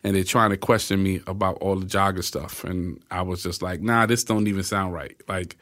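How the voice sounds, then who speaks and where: A man in his forties with a lowish voice talks as an interview guest. He tells his story in a relaxed way, slipping into the voices of the people he quotes and checking in with a frequent "right?". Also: normal speed. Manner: acts out quoted voices, often asks "right?". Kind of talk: casual storytelling.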